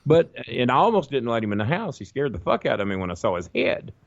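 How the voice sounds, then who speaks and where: A man telling a long, profane, animated story in a casual podcast chat. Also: medium pitch, fast, vocal fry, no echo, highs cut off. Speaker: guest storyteller.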